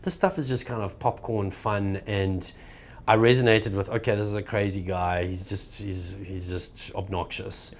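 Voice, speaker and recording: A middle-aged man with a South African accent, chatting casually as an actor guest in an interview, relaxed and quick to laugh. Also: fairly low pitch. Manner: relaxed, laughs easily, says "man" and "bro".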